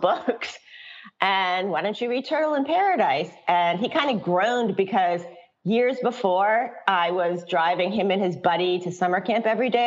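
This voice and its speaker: Chatty, laughing middle-aged woman author. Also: fairly low pitch. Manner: chatty and frank, laughs often, many restarts. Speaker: children's book author, guest. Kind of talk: casual interview conversation. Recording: dull lo-fi audio.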